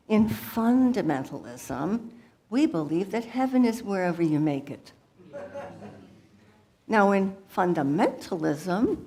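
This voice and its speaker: A woman voicing a playful, brash female guru alter ego who jokes loudly and laughs between lines. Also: mid-range voice.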